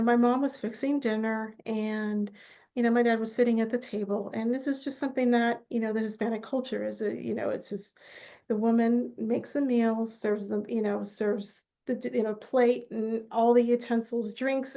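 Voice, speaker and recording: A woman guest on a podcast talks through family stories with a slightly high, bright voice. She slips into quoted voices of relatives as she tells them, keeping a warm conversational flow. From United States. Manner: animated storyteller who acts out quoted relatives. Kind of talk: conversational interview storytelling.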